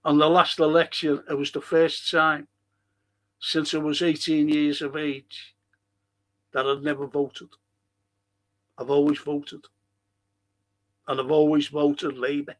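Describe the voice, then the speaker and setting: Older Scouse man hosting a fan podcast live. Rambling, swears a lot, voice sits slightly high. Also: flat delivery, unhurried, a bit bright. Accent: Liverpool (Scouse). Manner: rambling, swears freely, reads out chat comments. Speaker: podcast host. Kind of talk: casual live-stream chat.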